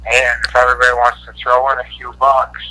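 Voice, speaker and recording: Eager bright man on a phone line. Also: mid-range voice, monotone, fast.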